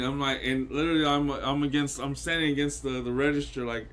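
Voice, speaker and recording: A man's voice: mid-range voice, level tone, fairly bright tone, a little hiss or hum. A man, co-hosting a podcast, telling a story in casual chat with lots of stops and restarts. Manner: halting, restarts a lot while telling a story. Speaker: podcast co-host.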